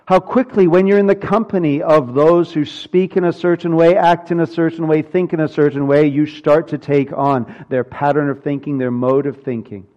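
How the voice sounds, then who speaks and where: A man's voice: a little high, fairly even intonation, moderate pace, hardly any pauses, dark tone, highs cut off. A man preaching a sermon from the pulpit, earnest and building to emphatic peaks. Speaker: pastor.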